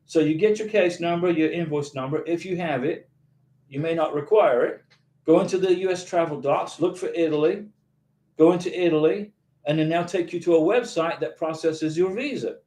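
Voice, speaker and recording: A man's voice: fairly high pitch, moderate pace, mellow. A man hosting a casual livestream, reading viewer questions aloud and answering them in an emphatic, encouraging way. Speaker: YouTube channel host answering viewer questions. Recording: echoey room.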